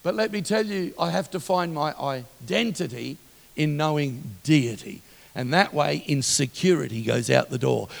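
A middle-aged man preaching a sermon, telling stories with passion and rising to loud exhortation. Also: a little high, creaky. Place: church hall. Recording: long reverb of a large hall.

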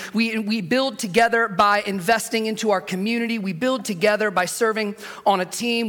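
Energetic pastor preaching in a reverberant hall. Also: male voice, high voice. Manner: energetic, humorous storytelling with call-and-response. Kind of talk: sermon. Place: church auditorium.

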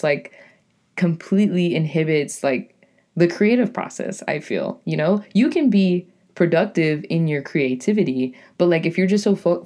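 Young woman, New England accent, deep raspy voice, very low pitch, casual rambling podcast talk, lots of fillers. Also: mellow. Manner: rambling, lots of "like" and "you know", self-correcting. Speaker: podcast host and poet. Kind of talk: casual solo podcast monologue.

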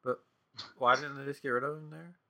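A man's voice: mid-range voice, steady tone, fairly quick, vocal fry, pushed and bright. A man hosting a casual podcast, asking easygoing questions as he chats. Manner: asks many questions, easygoing. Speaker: podcast host. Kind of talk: casual chat.

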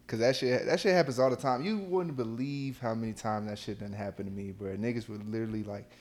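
A young man co-hosting a casual podcast, telling a story in a relaxed way with heavy slang. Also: mid-range voice, a little fast. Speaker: podcast co-host.

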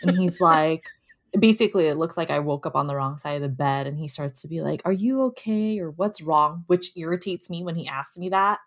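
A woman in a relaxed, frank conversation about her own moods. She tells stories with lively asides and talks easily about her own life. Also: low-pitched, quick pace, few pauses. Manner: candid, animated storytelling. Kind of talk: casual conversation about anger.

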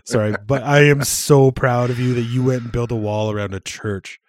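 A man's voice: medium pitch, steady tone, moderate pace, no room sound. A man co-hosting a podcast in casual chat, swearing freely and laughing often. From Canada. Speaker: podcast co-host.

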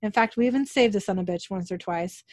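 A woman's voice: medium pitch, quick pace, no echo, clean studio sound, natural voice. A woman voicing a brash, defiant young male monster hunter in a read-aloud recap, reading the lines plainly.

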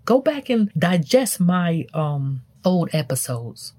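A woman's voice: big pitch swings, slow pace, dark tone. A woman hosting a self-help show, talking emphatically in a motivational, preachy way. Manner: preachy, emphatic, wide swings in pitch. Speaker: self-help podcast host. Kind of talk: motivational talk.

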